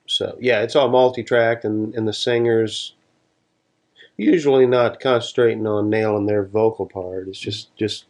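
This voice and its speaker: A man's voice: lowish voice, steady tone, a little slow, darkish tone. A man guesting on an interview, telling rambling stories in casual talk and often restarting his sentences. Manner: rambling, restarts sentences, laid-back storytelling. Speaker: session guitarist, interview guest.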